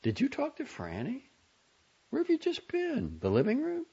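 Man doing a high, nagging, fussy storybook mother, husky edge, muffled lo-fi take. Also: wildly swooping pitch, moderate pace, warm tone, exaggerated voice. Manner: shrill, nagging, demanding questions. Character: fussy prying middle-aged mother.

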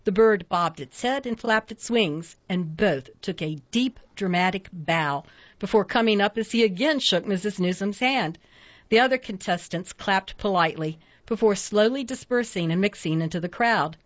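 A woman narrating a storybook at a steady pace, giving each character its own voice. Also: medium pitch, normal speed, no echo. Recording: dull lo-fi dry recording.

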